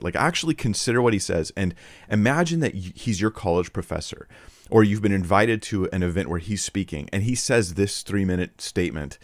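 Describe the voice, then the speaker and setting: A man's voice: on the low side, lively intonation, fairly quick, dry recording, studio quality. A man teaching a verse-by-verse Bible series, talking earnestly and directly to his listeners.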